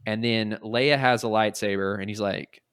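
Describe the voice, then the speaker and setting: A podcast host with a low, clear, resonant voice tells a comic story casually, captured in clean studio sound without echo. Animated, he slips into quick little voices to act out what the characters said.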